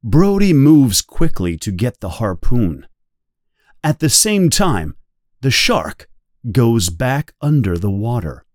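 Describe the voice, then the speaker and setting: A man giving a slow, guided reading of a novel for English learners, speaking clearly and carefully. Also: medium pitch, sing-song, darkish tone, dry recording, studio quality. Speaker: reader.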